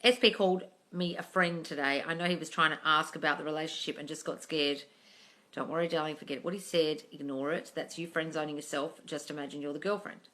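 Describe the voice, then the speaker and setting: A woman's voice: low voice, fairly even intonation, fairly quick, sharp tone. A woman coach reading viewer questions aloud on a casual live stream, blunt and full of swearing, calling everyone darling.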